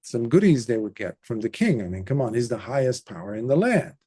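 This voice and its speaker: A man's voice: medium pitch, sing-song, fairly quick, mellow, slightly rough. A man, a Buddhist monk, telling a story in a conversational dharma talk with casual asides.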